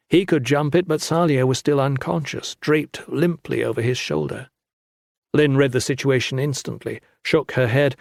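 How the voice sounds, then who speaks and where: A man narrating a fantasy audiobook with steady, dramatic storytelling on a close studio mic. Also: mid-range voice, creaky, no room sound.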